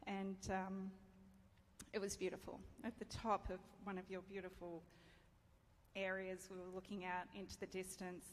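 A woman's voice: medium pitch, a little hiss or hum. A middle-aged woman giving a sermon, telling a personal story in a candid, self-deprecating way and laughing often. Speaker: preacher. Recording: reverberant hall, faint ambience.

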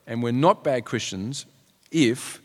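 A man's voice: medium pitch, lively intonation, slow pace. A man preaching a sermon in an earnest way, now and then acting out the people in a story. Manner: earnest, acts out quotes in raised voices. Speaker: pastor. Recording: long hall reverb.

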